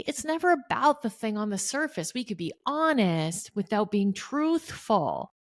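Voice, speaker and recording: A middle-aged woman hosting a solo podcast, talking earnestly and speaking straight to her listeners. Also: mid-range voice. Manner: earnest, addresses listeners directly. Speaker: podcast host.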